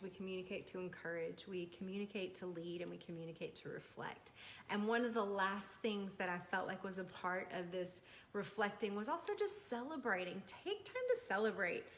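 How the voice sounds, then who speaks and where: A woman's voice: mid-range voice, slight background noise. A woman co-teaching a talk on marriage, earnest and personal, telling stories about her own home life. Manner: earnest, storytelling, laughs often. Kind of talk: sermon-style couple talk.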